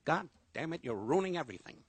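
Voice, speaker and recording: An older man putting on the voice of an indignant, short-tempered comic man who barks complaints in clipped, high outbursts. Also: huge pitch swings, normal speed, pushed and bright, breathy edge, no room sound, exaggerated voice. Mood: exasperated.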